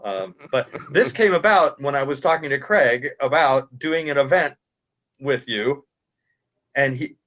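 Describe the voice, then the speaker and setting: A man speaking as a cartoonist guest in a casual interview, talking in halting starts and restarts. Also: medium pitch, a bit bright. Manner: halting, self-interrupting, chuckling. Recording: dull lo-fi audio.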